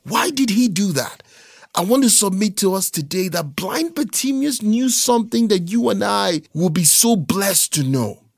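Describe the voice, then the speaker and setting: Male preacher, emphatic, repeats phrases, slightly high voice, dry close sound. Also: fairly bright tone, dry recording. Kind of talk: sermon with scripture reading.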